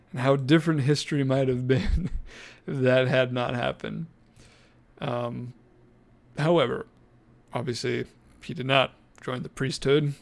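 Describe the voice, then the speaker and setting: Joking man reading notes on a podcast. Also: medium pitch. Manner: jokey, self-deprecating, laughs mid-sentence. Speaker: podcast co-host. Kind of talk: casual podcast chat, reading notes aloud.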